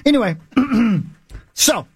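A morning radio host in his forties speaks slowly in a very high, husky, animated voice, telling a rambling, emphatic story with self-mocking asides during casual chat. The studio-quality audio has no echo.

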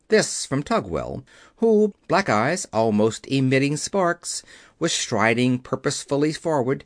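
Man reading an audiobook, lively pitch, dry close mic. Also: a little slow, no echo. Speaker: audiobook reader. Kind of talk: scripted narration.

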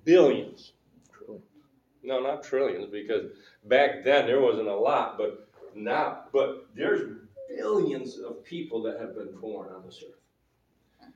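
A male pastor speaks in an animated, mid-range voice at a slow pace, chatting with his congregation through questions during his sermon. The sound is darkish with the highs cut off, picked up by a faraway mic in a spacious church sanctuary.

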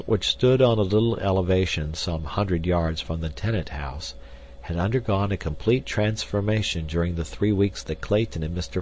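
A man reading a novel aloud as an audiobook narrator, measured and even. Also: deep voice, slight background noise. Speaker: audiobook reader. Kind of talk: scripted narration.

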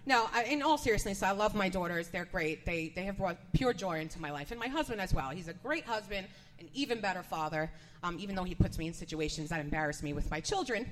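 Speaking fast and expressively in a lowish voice, a Northeast US woman in her forties works through a chatty, nervous, self-deprecating stand-up routine. The echoey room holds a live audience, and there's slight background noise.

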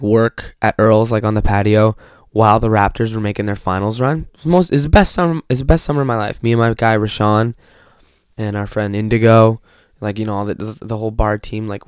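A man's voice: lowish voice, a little fast, smooth, no room sound. Profane rambling young man podcasting. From Canada. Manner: profane, self-mocking, rambling storytelling. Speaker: podcast host. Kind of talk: casual solo podcast monologue. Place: bedroom.

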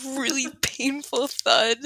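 A woman's voice: high-pitched, fairly even intonation, takes it slowly, sharp tone, husky, dry recording. A young woman in her twenties chatting casually as a co-host, laughing often as she talks. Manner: giggly, laughs often while talking. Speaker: podcast co-host. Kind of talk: casual chat.

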